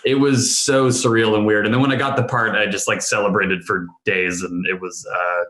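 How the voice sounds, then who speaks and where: A man's voice: fairly low pitch, level tone, normal speed, a bit bright. Rambling man on an echoey video call. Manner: rambling, self-interrupting, laughing storyteller. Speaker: panel guest, actor. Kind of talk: casual panel chat.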